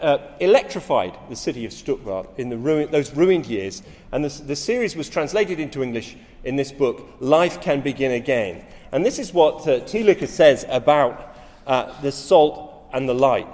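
Male preacher, animated pitch, dramatic sermon delivery, hall reverb. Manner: dramatic, rising to loud emphatic quotes.

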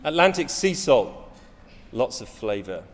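A man's voice: medium pitch, big pitch swings, measured pace, in a large hall. A middle-aged man preaching a sermon, telling stories with rising emphasis and frequent restarts.

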